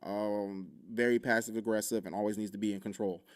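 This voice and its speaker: A man's voice: fairly low pitch, little pitch movement, fairly quick. A man hosting his own podcast, talking frankly and rambling, with heavy swearing and candid personal stories. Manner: rambling with self-interruptions. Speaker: podcast host. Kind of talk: casual solo podcast talk.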